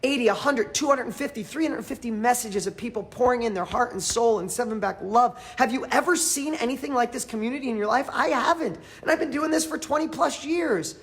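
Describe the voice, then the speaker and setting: A man coaching a live audience in a motivational training, emphatic and fervent, repeating phrases for emphasis and swinging between loud and quiet. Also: very high voice, brisk, few pauses. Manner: fervent, emphatic, pep-talk delivery.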